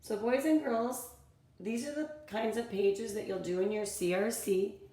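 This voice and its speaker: A woman's voice: medium pitch, a little slow, mellow, roomy sound. A woman teacher walking children through a reading worksheet, reading passages aloud and explaining them step by step.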